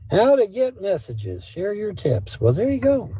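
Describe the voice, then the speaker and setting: A man's voice: high voice, big pitch swings, normal speed, hardly any pauses, warm tone, husky, no echo. A man chatting casually on a live stream, rambling and talking to his dog between comments. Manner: rambling, talks baby talk to his dog. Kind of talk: casual livestream chat. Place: home with a dog.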